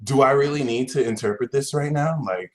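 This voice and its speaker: A man giving a casual tarot reading, talking in a slangy, exasperated, theatrical way. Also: fairly quick. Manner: dramatic, exasperated, swings to shouting and high-pitched outbursts; slang-heavy, fillers like "like", "y'all". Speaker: tarot reader.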